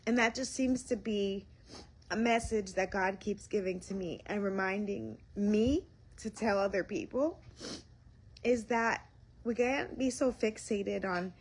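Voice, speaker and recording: A woman speaking live to her viewers from home, slow and earnest, audibly emotional and near tears as she shares a personal faith experience. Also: medium pitch. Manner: slow, tearful, heartfelt and earnest. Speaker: faith livestream host. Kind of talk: emotional live-stream testimony. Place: home, indoors.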